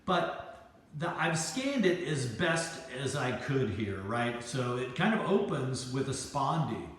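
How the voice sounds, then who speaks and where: A man's voice: medium pitch, a bit bright. A man teaching a class, explaining step by step with many fillers and restarts and often checking in with "right?". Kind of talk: recorded class lecture. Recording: echoey room.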